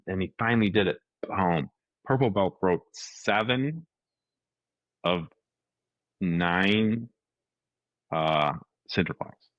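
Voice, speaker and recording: Low-voiced man telling an animated story. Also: dry recording, highs cut off. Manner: animated storyteller, acts out quotes, many restarts. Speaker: podcast co-host. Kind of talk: casual storytelling chat.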